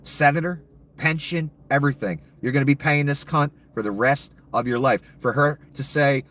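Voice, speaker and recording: A man's voice: mid-range voice, normal speed, a bit bright, far from the mic. A man delivering a heated, profane, sarcastic political rant as a commentator.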